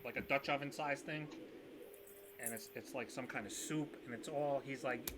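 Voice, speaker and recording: A man's voice: medium pitch, moderate pace, background noise. A man narrating as game master of a tabletop game on a video call, rambling with fillers. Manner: rambling, full of fillers and restarts. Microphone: video call setup.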